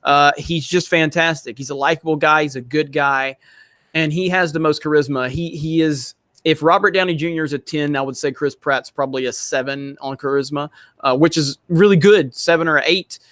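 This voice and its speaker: A man's voice: a little high, normal speed, a bit bright, no echo. A man with a slightly raised voice hosts a casual podcast talk and rants with emphatic exasperation. The sound is dry and close. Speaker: podcast host. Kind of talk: casual opinion chat.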